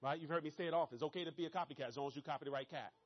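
A man with a Maryland accent giving a fast-talking, energetic motivational seminar talk straight to his audience. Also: on the high side, dull audio. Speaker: motivational speaker at a business presentation.

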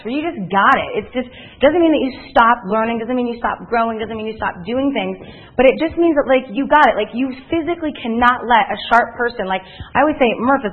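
Energetic woman speaker, tinny phone-like sound. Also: a little high. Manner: energetic, chatty, acts out others' voices. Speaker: motivational speaker at a sales meeting. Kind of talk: animated storytelling to a live audience.

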